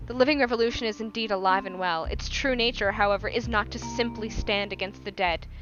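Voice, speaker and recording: A woman reading aloud as a male soldier who has lost his mind, with a solemn, measured delivery, on a lo-fi home mic. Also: mid-range voice, a bit bright, soft background music, lightly acted. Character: grim zealous male soldier gone mad.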